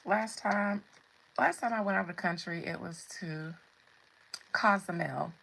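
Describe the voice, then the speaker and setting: A woman's voice: fairly low pitch, a little slow, creaky, fairly bright tone, a little hiss or hum, poor audio. A woman hosting a casual tarot livestream, chatting with viewers and laughing often. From United States. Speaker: tarot reader and livestream host.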